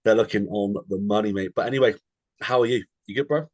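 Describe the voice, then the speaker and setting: A man's voice: on the low side, fast, darkish tone, dry recording. A young English man co-hosting a podcast, chatting casually, calling his friend mate constantly and telling anecdotes. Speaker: podcast co-host. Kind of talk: casual chat.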